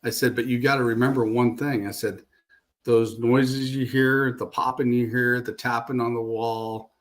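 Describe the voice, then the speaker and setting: A man in a casual interview over a video call tells a long anecdote at an easy, mid-range pitch. He rambles and keeps falling back on "I said" and "she goes" as he walks through each exchange. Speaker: paranormal investigator guest.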